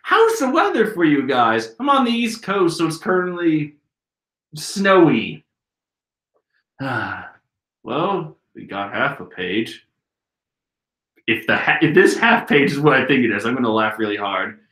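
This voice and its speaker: Giggly, animated man in an echoey room. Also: mid-range voice, measured pace, long pauses. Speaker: manga reading channel host. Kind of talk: casual reading and commentary. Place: room at home. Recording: roomy echo.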